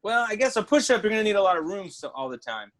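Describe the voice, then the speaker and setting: Man, podcast co-host, halting rambly delivery, deadpan humor, a bit high-pitched. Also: a crowd in the background. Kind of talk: casual comedy chat.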